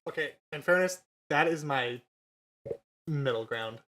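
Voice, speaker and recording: A man's voice: fairly high pitch, unhurried, bright, forceful tone. A young man co-hosting a podcast in casual chat, joking crudely and telling stories with animation. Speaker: podcast co-host.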